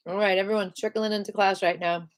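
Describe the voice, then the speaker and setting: A woman leads a live online qigong class with an upbeat, playful energy. She talks casually to her students and then eases into slow, soft cues about breath and heartbeat. Her pitch sits in the middle range for a woman. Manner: upbeat and playful, breaks into squeals of excitement. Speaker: qigong teacher.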